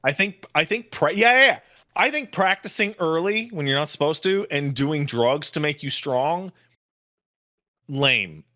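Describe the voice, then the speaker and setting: A man's voice: fairly high pitch, lively intonation, measured pace, sharp tone. A man in his late thirties co-hosting a podcast in casual banter, emphatic and swearing. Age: 30s. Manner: emphatic, swears, trails off mid-thought. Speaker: podcast co-host.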